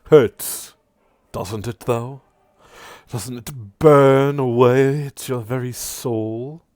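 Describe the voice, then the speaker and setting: A man voicing a mocking male demon lord of lies who taunts in a gleeful, drawn-out sneer, loud and high. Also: dry recording, clean studio sound. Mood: taunting.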